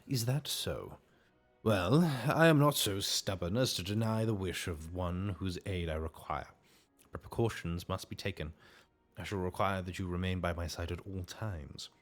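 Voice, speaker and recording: A man voicing a stern woman admiral in a British accent, speaking in a formal, measured way. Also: low voice, faint music behind, natural voice. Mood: commanding.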